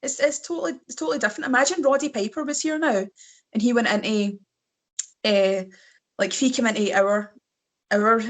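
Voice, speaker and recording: Chatty Scottish woman, slightly hoarse. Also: mid-range voice. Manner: chatty, laughs often, many fillers. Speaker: wrestler guest. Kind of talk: casual chat.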